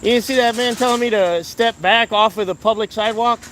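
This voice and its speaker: Heated high-voiced man streaming a protest. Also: a little fast, a bit bright, a little hiss or hum. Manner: heated and confrontational, talking to viewers. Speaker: livestreamer at a protest. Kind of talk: live street protest stream.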